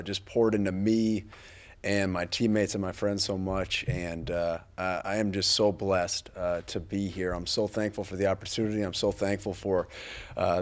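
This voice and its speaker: A fairly low-voiced man in his thirties speaks as a football coach at a press conference. He sounds earnest and grateful, and he restarts his sentences often. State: a little choked up.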